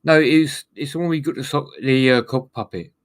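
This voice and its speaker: A British man hosts a casual stream chat, joking and swearing freely, with a mocking edge. His voice sits at a middling pitch and is recorded dry and close. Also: moderate pace, dry recording.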